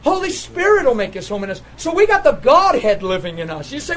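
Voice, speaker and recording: A man preaching a sermon, telling a healing story with laughter and sudden excited jumps in his voice. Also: fairly quick, few pauses, low-quality recording. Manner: animated storytelling, laughing, voice jumping high when excited.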